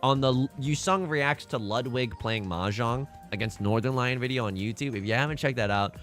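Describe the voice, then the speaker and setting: A man streaming live gameplay with commentary, joking around and bursting into sudden loud exclamations. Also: mid-range voice, normal speed, soft background music.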